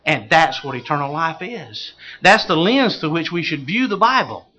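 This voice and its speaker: A man's voice: fairly high pitch, very animated, moderate pace, bright, forceful tone, muffled recording. A man preaching a sermon as pastor. He questions the congregation and builds to fervent exclamations.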